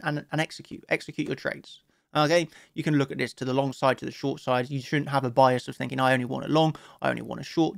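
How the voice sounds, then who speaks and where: A man's voice: medium pitch, creaky, no room sound, studio quality. A man hosting a casual trading analysis talk, chatty and upbeat, with many "you know" fillers. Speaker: crypto trading analyst host.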